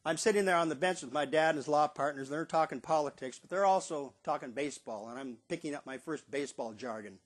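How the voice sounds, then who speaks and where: Speaking fast with few pauses, a man in his seventies spins a casual monologue about his time as a stadium bugler. His voice runs on the high side, and he animatedly acts out quotes in a raised voice.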